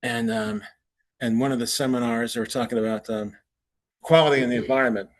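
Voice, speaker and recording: A man's voice: medium pitch, steady tone, brisk. Man telling workplace stories in a talk. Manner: storytelling, chuckles at his own punchlines; conversational with restarts. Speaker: conference presenter. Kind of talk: anecdotal lecture.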